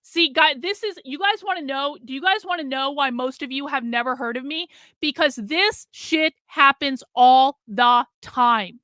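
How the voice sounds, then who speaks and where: A woman's voice: sits high, a little slow, few pauses, bright, forceful tone, no echo, studio quality. A middle-aged woman on a live stream, ranting in fury, swearing and repeating herself. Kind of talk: angry live stream rant.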